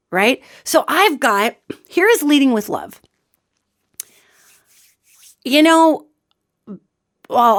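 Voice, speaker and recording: A woman hosts her own radio show, telling a dramatic personal story in a lively monologue that swings from loud outbursts to quiet asides, and she calls her listeners "gang." Her voice is a little high, and the recording is studio quality with no room sound.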